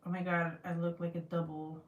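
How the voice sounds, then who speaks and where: A woman's voice: fairly low pitch, flat delivery, brisk, distant mic, muffled recording. Giggly woman chatting on a livestream. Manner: giggly, self-mocking, swears casually. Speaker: craft livestream host. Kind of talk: casual livestream chat reading comments. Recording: roomy sound, voice away from the mic.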